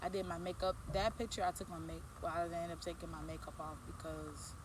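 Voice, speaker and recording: A woman's voice: on the low side, level tone, brisk, noisy background. A woman vlogger telling a casual storytime, rambling with lots of fillers and restarts.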